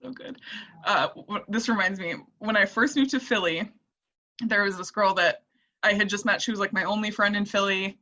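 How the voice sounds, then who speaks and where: A woman's voice: mid-range voice, steady tone, normal speed, pushed and bright. A woman guest on a podcast chatting casually, with many fillers and "like"s. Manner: chatty with fillers and laughs, lots of "like". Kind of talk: casual chat. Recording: dull lo-fi sound.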